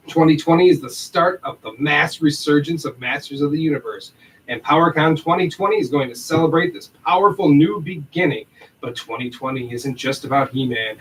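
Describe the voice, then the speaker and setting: A man's voice: on the high side, distant mic, slight background noise, low-quality recording. A man co-hosting a podcast livestream, reading an upbeat announcement and then chatting and laughing loosely. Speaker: podcast co-host.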